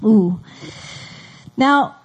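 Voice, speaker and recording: A woman's voice: on the high side, lively intonation, very slow, darkish tone, slightly rough, poor audio. A woman teaching a Bible story in a casual, chatty way, acting out the characters' lines.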